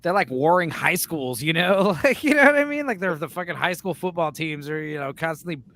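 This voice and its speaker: A man talking in a casual podcast chat, excitable and profane, acting out scenes with growls and shouts. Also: fairly high pitch, a little fast, no room sound. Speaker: podcast co-host.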